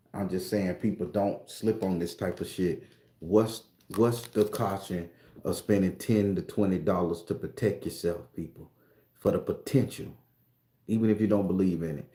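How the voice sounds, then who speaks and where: A spiritual tarot reader vlogger rants casually to his viewers in a low, dark-toned voice. He's profane, rambling and preachy, and the recording has a roomy echo.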